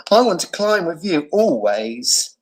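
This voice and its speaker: A she-gorilla from a picture book, as a man reading aloud puts her on, high and sing-song, stretching out her words slowly. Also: very animated, low-quality recording. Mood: swooning. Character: grumpy female gorilla who later swoons.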